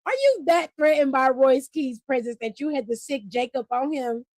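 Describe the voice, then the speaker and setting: High-voiced woman ranting on a live stream. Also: moderate pace, no room sound. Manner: animated, profane, laughing, reads chat aloud. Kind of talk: casual live-stream wrestling recap.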